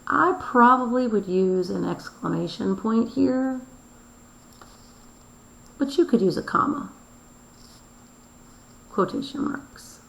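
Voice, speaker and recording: Teacher, female, unhurried delivery, recorded in a roomy space. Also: on the high side, expressive, vocal fry, a bit bright. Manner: slow, deliberate explanation, spelling words letter by letter. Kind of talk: recorded classroom review lesson. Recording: roomy echo.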